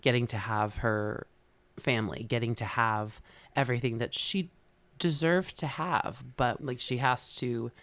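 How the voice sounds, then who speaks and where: A man's voice: medium pitch, fairly even intonation, unhurried, fairly bright tone. A man co-hosting a casual book podcast. He rambles through his ideas with many restarts and gets emotional as he talks. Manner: emotional, gets choked up while retelling. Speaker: podcast co-host.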